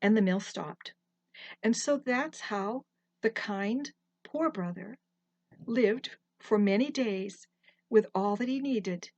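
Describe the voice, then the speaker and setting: An older woman storyteller telling a folktale in a gentle, unhurried way, pausing to correct herself. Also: medium pitch, no room sound, lo-fi sound.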